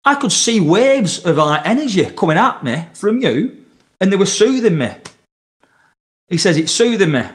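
A man's voice: sits high, sing-song, normal speed. A man, a podcast guest telling a long story in casual chat, rambling and swearing freely as he acts out the quotes.

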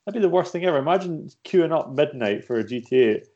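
Mellow-voiced man, animated anecdotes. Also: fairly high pitch, quick pace. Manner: animated anecdotes, swears freely. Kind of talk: casual chat. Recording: dull lo-fi sound.

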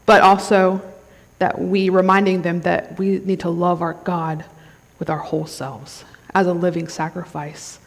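A woman's voice: lowish voice, level tone, measured pace, hardly any pauses. A woman giving a conversational sermon at a conference, often checking in with the crowd. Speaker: conference speaker. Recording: long hall reverb.

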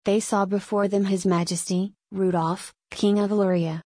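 A woman reads a classic novel aloud in a measured, even storytelling manner. Her voice sits at an ordinary pitch. The recording is close and dry, with no room sound. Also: dry recording. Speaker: audiobook narrator. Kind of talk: scripted narration of a classic novel.

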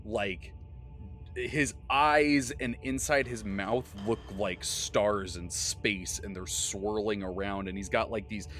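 Slow, low-voiced man rambling through a story. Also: fairly even intonation, fairly bright tone, soft background music. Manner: rambling, many fillers and self-corrections. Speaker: game master recapping a tabletop session. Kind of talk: casual podcast storytelling.

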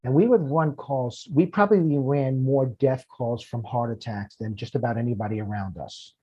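A man's voice: mid-range voice, normal speed, mellow, slightly rough, lo-fi sound. A man, a firefighter and podcast guest, telling emotional personal stories earnestly, often repeating words when moved.

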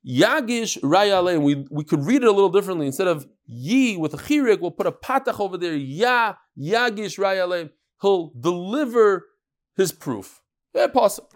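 Animated man teaching Talmud. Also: high-pitched, fairly quick. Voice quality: animated, storytelling with acted quotes and sudden loud punches. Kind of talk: lively Talmud lecture.

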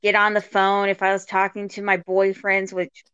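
A woman host with a smooth, clear voice speaks in a reassuring, unhurried way. The audio is dry and a little muffled. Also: mid-range voice, completely flat delivery, fairly bright tone, dry recording. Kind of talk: casual chat.

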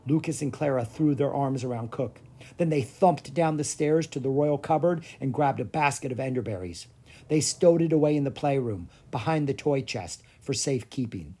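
An expressive storybook narrator with a pitch that swoops and lifts all through the reading. The tone is soft and breathy, with a mid-range voice. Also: normal speed. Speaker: audiobook narrator.

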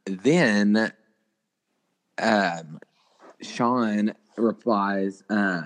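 A man's voice: on the low side, very slow. A young man co-hosting a podcast, chatting casually about celebrity gossip with lots of filler words. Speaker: podcast co-host.

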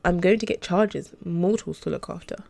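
A woman's voice: lowish voice, normal speed, gravelly, darkish tone. A woman voicing a curious, direct young trainee. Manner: casual, direct.

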